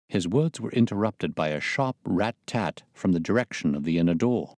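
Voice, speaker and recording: A man narrating a classic detective story in a measured, even reading manner. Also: deep voice, dry recording, studio quality. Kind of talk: audiobook narration.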